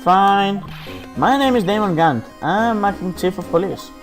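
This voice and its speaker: A man's voice: high voice, animated, unhurried. A man voicing a boisterous, smug older police chief from a game with a jovial, mocking manner. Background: background game music.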